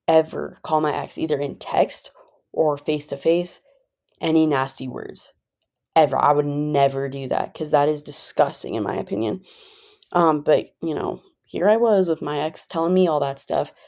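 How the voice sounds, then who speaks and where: Woman vlogger, low voice, easygoing chat with lots of filler words. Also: mellow. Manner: rambling, filler-heavy, conversational; calls herself a pretty chill person. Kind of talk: casual personal monologue.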